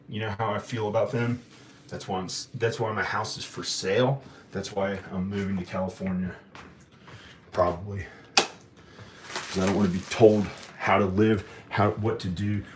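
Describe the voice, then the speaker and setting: A man's voice: lowish voice, level tone, moderate pace. A man rambling to himself while working around a house, then ranting bitterly. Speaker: vlogger. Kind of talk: rambling monologue to camera. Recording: echoey room with background noise.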